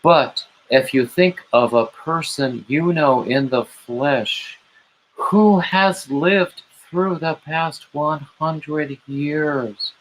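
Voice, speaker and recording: Slow-talking man chatting on a late-night livestream. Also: a little high, slight background noise, low-quality recording. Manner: rambling, warm greetings to chat viewers by name; gushing, emotional asides. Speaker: livestream host.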